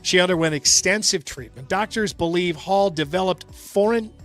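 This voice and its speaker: High-pitched man, American accent, radio host, casual joking chat, faint music behind. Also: moderate pace, fairly bright tone. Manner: reads news items with joking asides.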